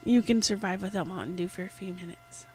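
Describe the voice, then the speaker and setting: A woman hosting a livestream, chatting casually and telling stories in an animated way. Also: medium pitch, quick pace, a little hiss or hum, rough recording. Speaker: livestream host. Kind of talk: casual chat and storytelling.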